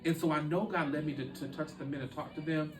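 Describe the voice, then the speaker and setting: A man telling a deeply personal story as a podcast guest, speaking earnestly with halting restarts. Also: steady tone, echoey room, far from the mic, music in the background, low-quality recording.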